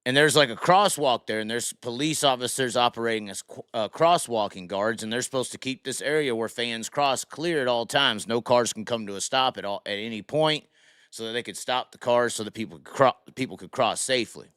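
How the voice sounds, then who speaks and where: A man's voice: mid-range voice, a little fast, smooth, no room sound, studio quality. Profane man telling a story. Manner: animated, profane, acts out the people in his story. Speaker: podcast host. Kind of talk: casual live-stream storytelling.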